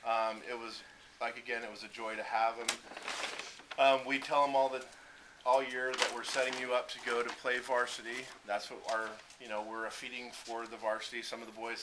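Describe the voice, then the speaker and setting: A man's voice: mid-range voice, flat delivery, normal speed. A man speaking as junior varsity coach at a banquet, telling stories and acting out quotes from his players. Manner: storytelling, acts out players and himself. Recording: noisy room recording.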